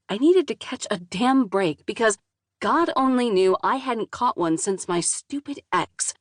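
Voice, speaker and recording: A woman's voice: on the high side, lively intonation, unhurried, no echo, clean studio sound. A woman narrating a first-person novel in a wry, exasperated voice, with casual swearing. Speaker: audiobook narrator.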